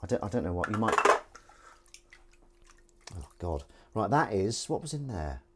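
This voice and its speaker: A man from England with a Southern English accent hosts a casual livestream from his kitchen sink, washing dishes while rambling, joking and reading chat aloud. His lowish voice is very animated at a normal speed, with heavy background noise from running water and clinking dishes.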